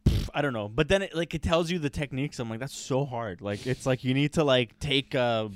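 A man's voice: mid-range voice, a little fast, dry recording. A man co-hosting a comedy podcast, chatting casually, laughing often and acting out other people's voices. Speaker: podcast co-host.

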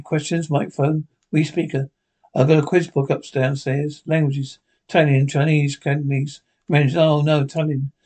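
Men with Scottish accents acting as bickering old male pensioners in a sitcom, trading quick, sweary, deadpan banter. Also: fairly high pitch. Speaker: sitcom characters. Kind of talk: scripted sitcom dialogue.

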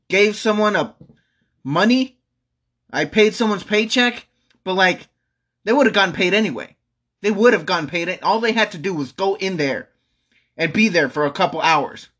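Here a young man with a high, fairly bright voice rants at home as a vlogger. The monologue rambles, loops back on itself, and is full of exasperated cursing.

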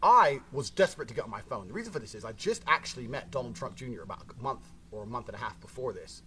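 A man's voice: mid-range voice, animated, quick pace, crowd noise. A man telling a story in a casual monologue, brash and swearing constantly.

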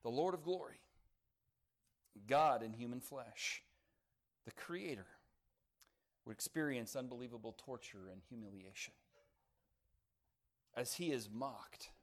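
A man preaching a sermon, climbing loud on key phrases and dropping soft for emphasis, slowing down to stress words. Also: medium pitch. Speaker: pastor.

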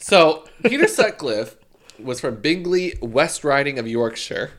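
Podcast co-host man, loose and joking, pitch swinging widely. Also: very animated, measured pace, a bit bright, a little hiss or hum. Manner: swearing, joking, loose and offhand. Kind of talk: casual chat, true crime storytelling.

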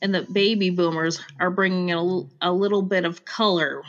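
A woman's voice: fairly low pitch, fairly even intonation, normal speed, fairly bright tone. Chicago-accented woman chatting, lo-fi. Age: Generation X. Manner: chatty, self-interrupting, laughs easily. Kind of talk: casual chat. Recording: dull lo-fi recording.

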